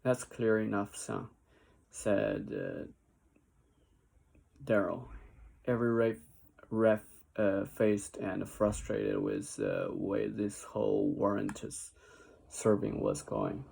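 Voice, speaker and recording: Slow gravelly man reading a mystery aloud. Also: on the low side, expressive, a little mellow. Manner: halting reading, stops to read out word definitions. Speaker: reader of a mystery novel.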